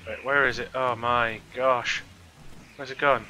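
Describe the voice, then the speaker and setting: A man giving excitable let's play commentary, shouting at the creatures in his game. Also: medium pitch, a little slow, a little hiss or hum. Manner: excitable, talks at the game creatures, frequent exclamations. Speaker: gaming channel host.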